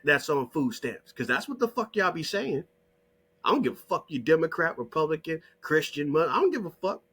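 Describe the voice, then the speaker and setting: A man giving profane, combative ranting commentary over a shared screen, hammering rhetorical questions and repeated demands in a husky voice. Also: fairly high pitch, fairly bright tone. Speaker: online video creator.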